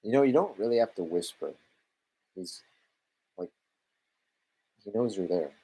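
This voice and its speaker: Mellow and husky, this lowish male voice moves at a measured pace with expressive delivery. He's a movie commentary live-streamer with a Canadian accent, reacting to a film in real time, exasperated, sarcastic and cursing freely.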